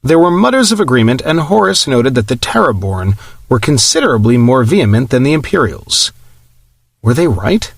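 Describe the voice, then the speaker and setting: A man narrating an audiobook in an even, measured reading. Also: medium pitch, creaky, no room sound, clean studio sound. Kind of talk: scripted narration.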